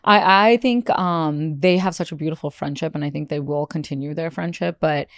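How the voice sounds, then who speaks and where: Bubbly woman podcast co-host, lower pitch, playful quote voices, dry close sound. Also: moderate pace, no room sound. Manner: bubbly, giggly, acts out quotes. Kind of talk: casual chat.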